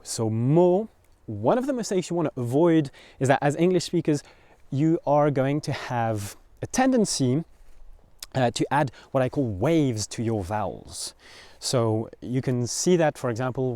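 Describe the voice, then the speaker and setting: A man's voice: medium pitch, warm tone, dry recording. A man from France with a French accent, teaching a pronunciation lesson and patiently repeating words to model the sounds.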